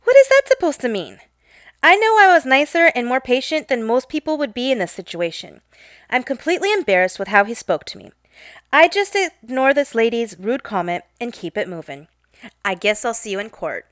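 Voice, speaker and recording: A woman telling a wry, animated story from her job in an eyewear shop. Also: on the high side, a little fast, no echo, clean studio sound. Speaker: optician telling a work story. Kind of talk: comedic storytelling.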